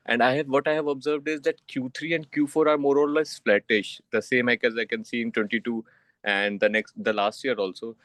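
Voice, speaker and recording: A man with a mid-pitched voice calls in as an investor and asks a question. He speaks politely and deferentially. The sound is dry and close. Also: little pitch movement, fairly quick, fairly bright tone, no room sound. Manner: polite, deferential, saying sir. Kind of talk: call question.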